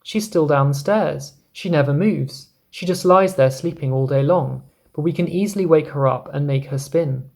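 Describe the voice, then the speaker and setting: Man doing a wise old grasshopper, sharp, emphatic, kinda crackly. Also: a little high, moderate pace, creaky, hardly any pauses. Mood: insistent.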